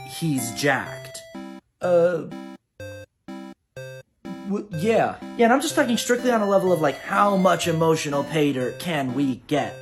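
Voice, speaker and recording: A man performing comedy sketches in an animated, rambling way with deadpan absurd humor. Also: on the high side.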